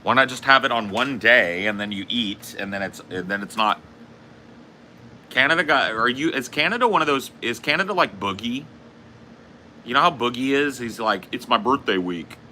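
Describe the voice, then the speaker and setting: A man's voice: mid-range voice, lively intonation, moderate pace, bright, forceful tone, a little hiss or hum. A man streaming live, ranting casually with lots of swearing and repeating himself. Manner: profane, rambling rant; frequent coughing. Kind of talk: casual livestream chat.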